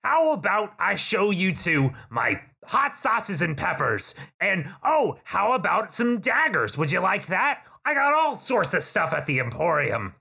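A man putting on a squeaky pushy goblin shopkeeper. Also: measured pace, gravelly, few pauses, breathy edge, full character voice. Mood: eager salesy. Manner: high, excitable, overbearing sales patter. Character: short green goblin shopkeeper, pushy eager salesman.

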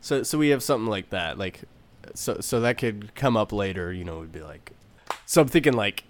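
A man in casual chat, hesitant and full of fillers and restarts as he pitches ideas. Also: lively intonation, fairly quick, a little hiss or hum.

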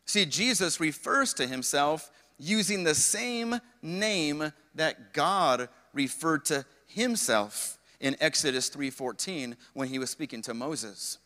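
Young man, pastor, sermon, high bright voice, reverberant church hall. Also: animated, slow, few pauses. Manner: preaching with call-outs to the congregation.

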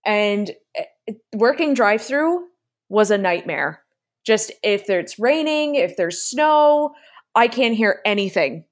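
A woman's voice: mid-range voice, animated, slow. A woman co-hosting a podcast in casual chat, hesitant and stumbling over her words. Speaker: podcast co-host.

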